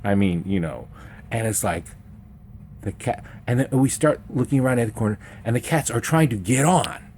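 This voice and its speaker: A man telling a funny true story in a rambling, animated way, breaking into sudden high meows and sound effects. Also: normal speed, a little hiss or hum. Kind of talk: comedic personal storytelling.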